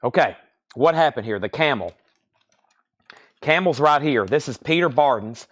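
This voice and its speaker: A man's voice: medium pitch, animated, moderate pace. A young man hosting a live vinyl sale stream, chatting casually and rambling while reading out titles and prices.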